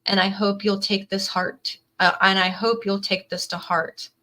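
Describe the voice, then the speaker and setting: A woman's voice: mid-range voice, little pitch movement, a little slow, pushed and bright, rough recording. A woman giving an earnest, emotional tarot reading to camera, reading card messages aloud and filling her talk with "definitely" and "like". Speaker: tarot reader.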